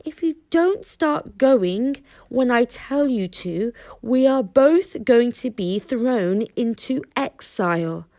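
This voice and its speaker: A young Viking boy speaks in a raised, exasperated voice, pleading and shouting at his disobedient dragon, as a woman reads him aloud. His tone swings widely in pitch, in a close, dry storybook reading. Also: animated, slow pace, no echo.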